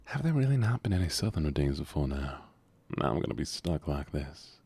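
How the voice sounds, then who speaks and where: Casting note: deep husky male streamer, soft-spoken and half-whispered, dark tone. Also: very animated, a little fast, no echo.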